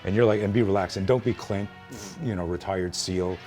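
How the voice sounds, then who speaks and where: A man's voice: low-pitched, fairly quick, a little mellow, soft background music. A man teaching self-defense in a hands-on demonstration, blunt and emphatic with plenty of swearing.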